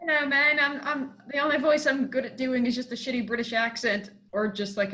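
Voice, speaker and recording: A woman chatting on a casual podcast, with a voice pitched a bit above average. She rambles along with plenty of fillers in a loose, friendly way. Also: steady tone, brisk, hardly any pauses, pushed and bright. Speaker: podcast guest and tabletop player.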